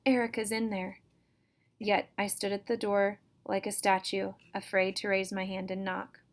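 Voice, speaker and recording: A woman reading a chapter book aloud to her students, telling a first-person story in a steady, even way. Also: mid-range voice, normal speed.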